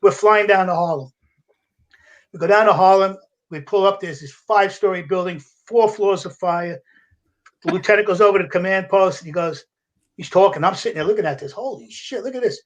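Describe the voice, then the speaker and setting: A man's voice: sits high, brisk. Older New man telling war stories. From United States. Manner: animated storyteller with a gruff, salty edge, acting out voices and laughing. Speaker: podcast guest, retired fire captain. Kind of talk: casual storytelling.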